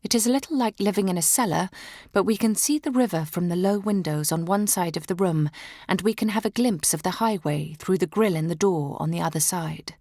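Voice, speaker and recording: A woman's voice: lowish voice, a little fast, darkish tone, no room sound, clean studio sound. A woman narrating a historical novel in the first person, with dramatic, emotive delivery that drops into whispers at tense moments. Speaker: audiobook narrator.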